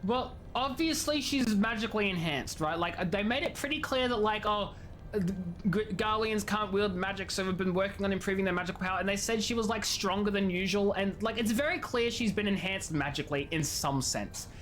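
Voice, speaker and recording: A man's voice: high-pitched, brisk, fairly bright tone, slight background noise. A young man casually commenting while he plays a game, joking and rambling and laughing often. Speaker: game streamer. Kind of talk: casual live gameplay commentary. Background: game music.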